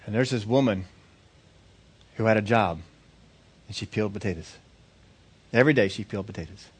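A man preaching, telling a story in an earnest, repetitive way that builds in excitement. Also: lowish voice, a little fast, slightly rough. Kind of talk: sermon storytelling.

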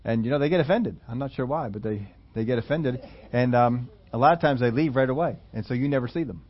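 A man preaching a sermon in a conversational storytelling way, laughing between points and rising into loud emphatic quotes. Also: medium pitch, quick pace, highs cut off. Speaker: pastor.

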